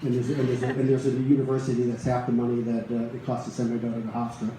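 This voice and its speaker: A man's voice: medium pitch, monotone, fast talker. Middle-aged man telling a rambling story in a very echoey room. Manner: conversational, rambling, many restarts and asides. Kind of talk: personal storytelling to a live audience. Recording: very echoey room, faint ambient noise.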